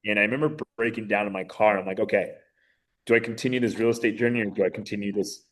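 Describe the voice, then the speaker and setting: A man in his thirties, a podcast guest, telling his story in a casual, animated way with many fillers. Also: on the low side, quick pace. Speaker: podcast guest, mayoral candidate.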